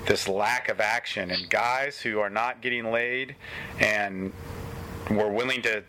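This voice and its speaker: A man's voice: on the low side, steady tone, takes it slowly, bright, forceful tone, a little hiss or hum. A man hosting a casual podcast chat, telling stories in a blunt, heated, profane way. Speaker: podcast host, coach.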